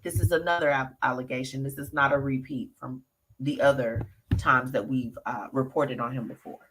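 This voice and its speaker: Sassy bright-voiced woman host. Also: extremely low pitch, steady tone, moderate pace, slight background noise. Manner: sassy, chatty, talks straight to listeners. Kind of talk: live show gossip commentary.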